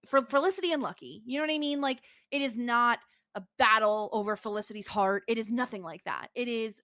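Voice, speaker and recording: A woman co-hosting a podcast, talking in a casual, halting way with lots of fillers. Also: on the high side, fairly bright tone, no room sound, studio quality. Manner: halting, filler-heavy, earnest. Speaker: podcast co-host. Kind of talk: casual chat.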